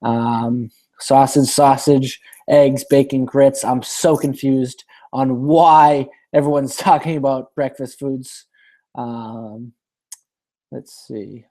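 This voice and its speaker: A man with a mellow, dark-toned voice at an ordinary middle pitch hosts a casual live-stream Q&A. He reads viewer questions aloud and answers loosely, rambling and restarting his sentences as he goes. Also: fairly even intonation, slow.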